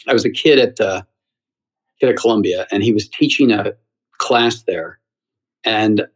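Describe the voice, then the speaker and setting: A middle-aged man from the United States tells stories in an animated, chatty way. He often repeats words and quotes himself. His voice sits low and has a husky, slightly breathy grain. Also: low-quality recording. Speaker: theater critic and guest. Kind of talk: anecdotal storytelling in conversation.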